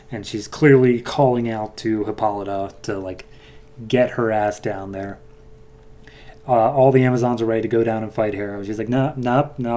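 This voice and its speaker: A man hosting a podcast, casually retelling a comic's plot with many fillers and quick quoted lines. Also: mid-range voice, darkish tone. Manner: loose, filler-heavy retelling, voicing characters lightly. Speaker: podcast host.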